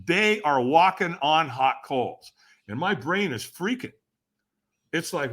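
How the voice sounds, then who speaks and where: A man who is a guest on a podcast, telling a story dramatically and acting out the voices and shouts of the people in it. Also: a little high, big pitch swings, moderate pace. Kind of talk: animated storytelling.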